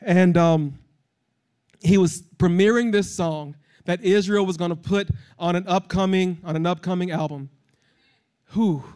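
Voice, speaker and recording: A man giving a sermon as a guest speaker in a church service. He talks straight to the congregation, leads them in call-and-response, and builds to impassioned shouted exhortation. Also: high-pitched, measured pace, smooth.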